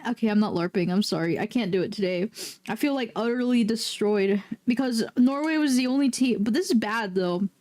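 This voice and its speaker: High voiced girl streamer, super excitable, swears a lot, yells sometimes. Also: brisk. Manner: excitable, swearing, loud outbursts. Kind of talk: casual livestream chat.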